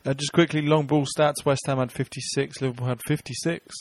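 Fast-talking man hosting a podcast. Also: medium pitch, flat delivery, no room sound. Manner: brisk, leads the segments. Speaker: podcast host. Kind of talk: casual football chat.

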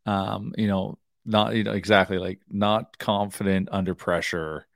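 A man with a low voice co-hosts a hockey talk show from his home basement. He rambles loosely, full of fillers and restarts. The sound is dry, with no room echo. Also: little pitch movement, unhurried, creaky. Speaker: co-host, hockey analyst. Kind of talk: casual sports talk show. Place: home basement, door closed.

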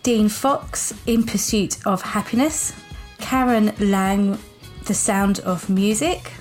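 A woman's voice: mid-range voice, takes it slowly, darkish tone, faint music behind. A woman co-hosting a casual podcast, reacting with amused asides. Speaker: podcast co-host. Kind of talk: casual awards-show chat.

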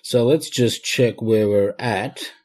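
A man's voice: fairly low pitch, slow pace, darkish tone. A man co-hosting a show in casual banter, wry, swearing casually and laughing often. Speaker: radio co-host.

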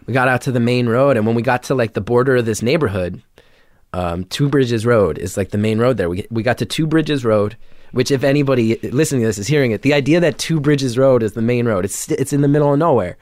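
A comedian from New Jersey telling a story in casual conversation, animated and full of filler words. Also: male voice, mid-range voice, quick pace, dry recording, clean studio sound. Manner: animated, acts out quotes, many filler "like"s. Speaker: comedian guest.

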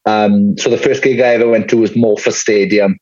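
A man's voice: lowish voice, steady tone, brisk, a little mellow, lo-fi sound. A man with a Welsh Valleys accent chatting candidly as a podcast guest, rambling through stories and swearing freely. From Wales. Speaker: guest musician. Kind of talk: casual podcast chat.

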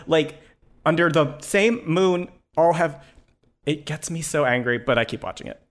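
A man's voice: a little high, animated, normal speed. Laughing, playful male podcast co-host. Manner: laughs often, playful and sarcastic. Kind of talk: casual chat.

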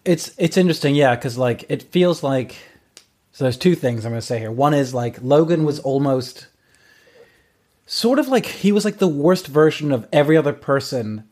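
Enthusiastic man podcaster, slightly high voice. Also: animated, moderate pace, darkish tone. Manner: enthusiastic, swearing, quotes characters. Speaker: podcast co-host. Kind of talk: casual chat.

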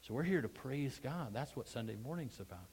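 Conversational preacher man, loud emphatic bursts. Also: mid-range voice, lively intonation, brisk, slight background noise, poor audio. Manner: conversational, asks the congregation questions. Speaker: pastor. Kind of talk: sermon.

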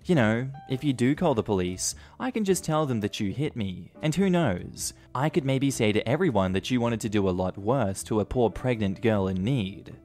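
A man's voice: medium pitch, animated, moderate pace, few pauses, a little mellow, faint music behind, natural voice. A man voicing a domineering, entitled middle-aged mother in a narrated story, bossy and self-righteous. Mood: scheming.

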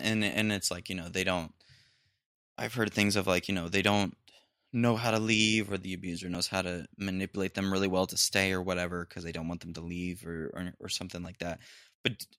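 The voice of this young man sits low and sounds a bit bright, captured in studio quality with no echo. Hosting a solo podcast rant, he rambles, fills gaps with ums, restarts often, and cracks crude jokes.

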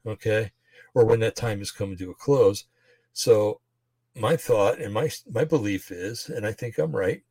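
A man's voice: on the low side, a little mellow, no echo. A man rambling through religious commentary on a livestream, slightly out of breath, full of fillers and restarts. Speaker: podcast host.

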